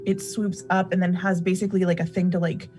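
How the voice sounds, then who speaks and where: A woman playing a tabletop game, brisk and a little bossy. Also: on the low side, level tone, darkish tone, faint music behind. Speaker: player.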